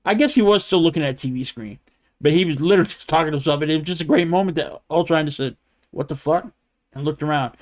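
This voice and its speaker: Profane, animated man ranting on a podcast. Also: fairly high pitch, very fast. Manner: animated, profane, rambling with laughs. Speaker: podcast co-host. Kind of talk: casual debate chat.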